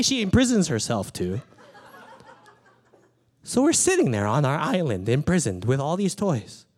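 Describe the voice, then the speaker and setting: A pastor delivering a sermon, a man in his thirties who tells stories from his own life. His pitch swoops and rises as he talks. He keeps an animated, playful storytelling manner. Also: measured pace. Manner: animated storytelling, acts out his small daughter's lines.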